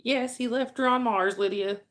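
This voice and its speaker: A woman's voice: fairly high pitch, steady tone, normal speed, fairly bright tone. A woman hosting a livestream, chatting casually with viewers and laughing often. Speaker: livestream host.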